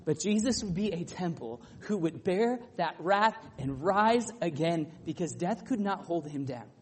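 A man preaching a sermon with passion, building to loud emphatic peaks and then falling back to a quieter, lower delivery. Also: lively intonation, a little slow, few pauses, breathy edge. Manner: impassioned preaching, rising to loud peaks then dropping low.

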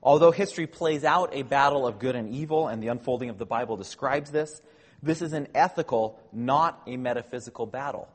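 A man gives a measured scripture lecture in a slightly husky voice. He explains each point patiently and corrects himself now and then. His voice rings with a long reverb, as if heard in a large hall. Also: medium pitch. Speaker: Bible teacher.

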